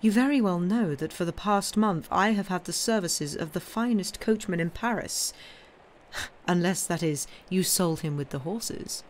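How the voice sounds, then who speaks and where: A woman's voice: fairly low pitch, moderate pace, slight background noise, voice pushed up, close to an everyday voice. A scornful aristocratic baroness speaks in a cutting, sarcastic tone, as a woman reading aloud puts her on. A storybook reading with cold contempt.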